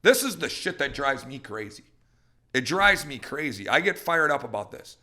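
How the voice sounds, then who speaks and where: A middle-aged man, a dog trainer hosting a podcast, ranting with fired-up energy and acting out dogs and people in quick voices. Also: mid-range voice, very animated, pushed and bright.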